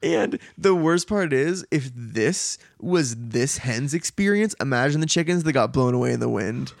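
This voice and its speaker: A man recaps a novel for his co-hosts in an easy, joking style. His voice has a gravelly edge. The recording is close and dry. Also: medium pitch, normal speed, no room sound. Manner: joking, animated storyteller. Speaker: podcast co-host. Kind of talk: casual chat, retelling a book.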